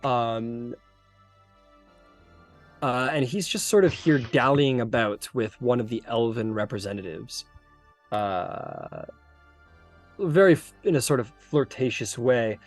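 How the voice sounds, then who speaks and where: A man's voice: mid-range voice, big pitch swings, takes it slowly, pauses often, faint music behind. A man narrating as game master of a tabletop game, rambling with many fillers.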